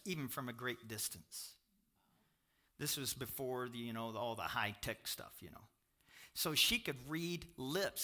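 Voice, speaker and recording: A middle-aged pastor with a Kentucky accent, preaching a sermon in an emphatic storytelling manner that swings from exclamations to low confiding asides. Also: male voice, pushed and bright.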